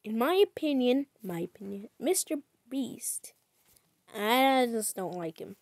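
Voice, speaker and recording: A woman streamer giving chatty commentary on a game as she plays, breaking into sudden loud, excited outbursts. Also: fairly high pitch, measured pace, no room sound. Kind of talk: gaming livestream commentary.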